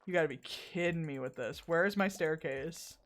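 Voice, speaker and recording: A woman's voice: sits low, normal speed. A woman streamer chatting casually while playing a game, often exasperated, rambling and swearing at it. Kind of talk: casual gameplay chat.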